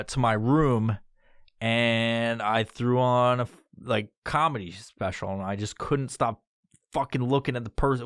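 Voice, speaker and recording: This thirty-something man hosts a podcast and rambles through a profane anecdote, his delivery casual until he mimics others in shrill, loud voices. His tone is clear and resonant, captured in clean studio sound without echo.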